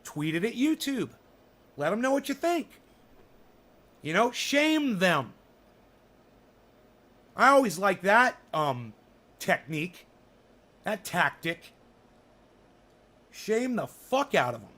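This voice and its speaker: A man's voice: sits high, big pitch swings, takes it slowly, pauses often, bright, forceful tone. A man hosting his own show, talking casually in a rambling, blunt and profane way. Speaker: host of a cannabis show. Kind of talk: casual chat.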